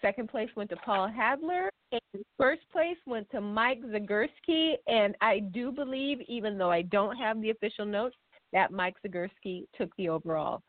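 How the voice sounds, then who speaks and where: A woman's voice: medium pitch, expressive, moderate pace, no echo. Giggly woman on a tinny line. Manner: giggly, playful. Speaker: co-host. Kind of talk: casual chat.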